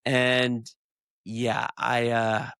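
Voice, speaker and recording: A man's voice: mid-range voice, completely flat delivery, extremely slow, a bit bright, smooth, no room sound, studio quality. A man co-hosting a podcast in laid-back casual chat, retelling clips. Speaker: podcast co-host.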